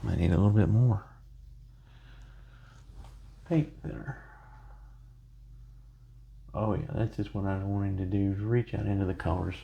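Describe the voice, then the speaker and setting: A man's voice: deep voice, measured pace, creaky, pauses often, dark tone, highs cut off, a little hiss or hum. A man chatting casually through a painting tutorial, rambling into self-joking asides as he works. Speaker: painting instructor.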